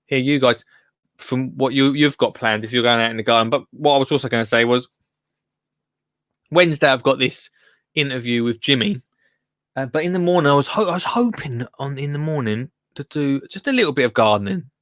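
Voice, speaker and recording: A man's voice: medium pitch, animated, a little fast, fairly bright tone, no echo. A man hosting a live gardening show, chatting in a rambling way and reading out listener comments. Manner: rambling and chatty, breaks off mid-sentence. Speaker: gardening podcast host.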